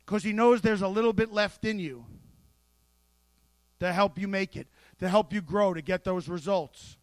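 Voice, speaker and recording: Delivering his sermon at a moderate pace, a pastor whose voice is remarkably high stays lively and playful, slipping asides into his points. The recording is close and dry, without any room sound or echo.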